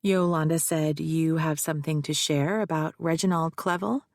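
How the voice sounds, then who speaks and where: A woman narrating an audiobook voices a fragile young woman with a flat Midwestern accent, speaking hesitantly. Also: deep voice, normal speed, dry recording, clean studio sound.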